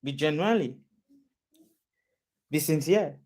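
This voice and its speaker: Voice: medium pitch, a little slow, darkish tone. A preacher delivering a sermon, repeating phrases and asking the audience questions again and again.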